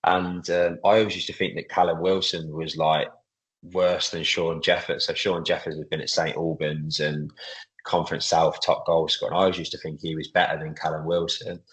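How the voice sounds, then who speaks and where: A man in his thirties, a footballer and club captain, chatting casually in a podcast interview, relaxed, with lots of fillers. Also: rumbling low, moderate pace, breathy edge, poor audio. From England.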